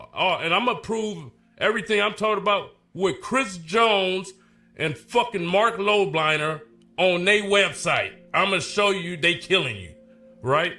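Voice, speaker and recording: A man angrily ranting and cursing while reading product ingredients aloud. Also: high voice. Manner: loud, profane, animated ranting. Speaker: fitness personality reading product labels. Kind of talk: heated ranting clip.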